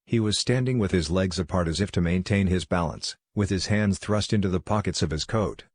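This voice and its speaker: A man narrating an audiobook in a steady, measured reading. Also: deep voice, breathy edge, no echo.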